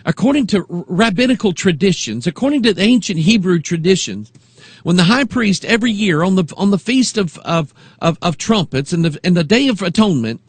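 A man preaching a sermon as pastor, moving between quiet reflection and rising, emphatic delivery. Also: high voice, animated, brisk, slightly rough, dry recording.

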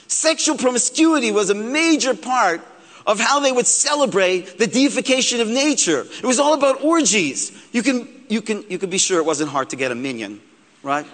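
A rabbi lectures with a joking, animated delivery. His voice sits high and swings widely. A long hall reverb trails behind him. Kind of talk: humorous sermon-style lecture.

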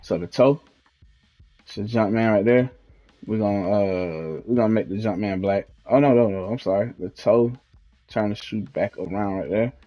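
Laid-back young man, low mellow voice. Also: normal speed. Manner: laid-back slangy, trails off while thinking. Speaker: gaming video host. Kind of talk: casual gameplay walkthrough. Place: at home, in his fiancée's house.

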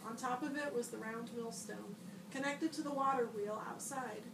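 Woman librarian reading a children's storybook aloud, high voice, expressive, a bit off-mic in an echoey room with noise behind. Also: normal speed, gravelly, distant mic. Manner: expressive storybook reading, bright shouts for the boy's lines. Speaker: school librarian.

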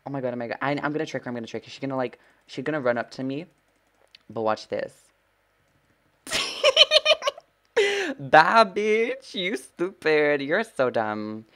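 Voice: mid-range voice, fairly quick, pauses often. A gameplay streamer giving live commentary, full of sassy trash talk, swearing and dramatic gasps.

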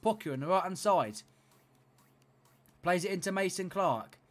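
A young man giving play-by-play commentary on his own football video game, swinging between low grumbling and shouted excitement. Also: normal speed. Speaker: gaming YouTuber playing football career mode.

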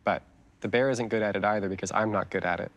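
A middle-aged man reading his children's book aloud to kids, chatty and gentle, stopping to ask them questions. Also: on the low side, steady tone, fast talker.

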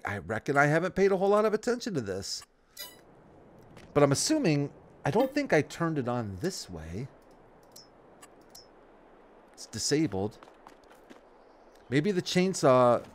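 A man hosting a let's play, rambling casually about his life while thinking aloud through the game. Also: medium pitch. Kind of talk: casual gameplay commentary. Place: at home, near the Great Lakes.

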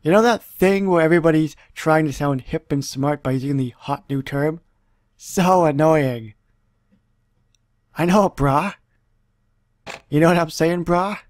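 A cocky, slangy founding-father figure brags and rants, as a man reads the game lines aloud. The voice sits a little high for a man. It sounds dry and close, with no room around it. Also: a little slow, pauses often, no echo, natural voice. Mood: ranting. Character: brash, boastful George Washington, old male president.

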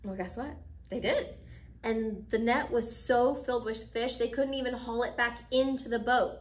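A woman's voice: a little high, normal speed. A woman teaching children at church, reading a Bible story and then explaining it, acting out the characters' lines as she goes.

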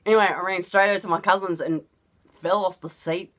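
A woman's voice: lowish voice, fairly even intonation, a little fast, a bit bright. A woman with an Australian accent casually telling a personal story, chatty and often laughing as she goes. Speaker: vlogger.

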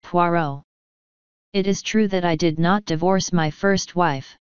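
A cold aristocratic lord speaks in clipped, disdainful phrases, voiced by a woman reading an audiobook. The voice sits low and very clean. The recording is dry and slightly muffled. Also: steady tone, unhurried, clear, resonant tone, dry recording, lightly acted. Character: cold sneering aristocratic English lord, middle-aged man.

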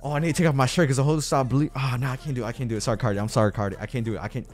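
A young man livestreaming, chatting casually to his viewers and swinging between yelled rants and low mumbling. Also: fairly even intonation, very fast, faint music behind.

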